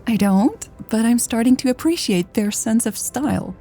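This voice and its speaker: A woman voicing a calm, affectionate woman who talks in a low, easy, gently teasing way. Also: moderate pace, faint music behind. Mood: easygoing.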